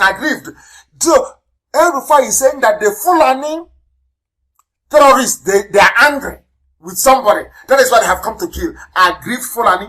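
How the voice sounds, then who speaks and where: A Nigerian-accented man delivers a heated live radio address. He hammers points home by repeating words. His voice jumps from loud outbursts to low, muttered asides. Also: rough recording. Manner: fiery, denouncing, emphatic repetition. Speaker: political leader broadcasting on radio.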